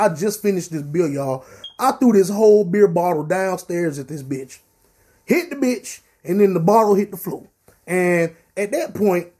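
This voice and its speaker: A young man telling a profane, animated story on his podcast. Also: high-pitched. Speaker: podcast host. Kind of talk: casual storytelling.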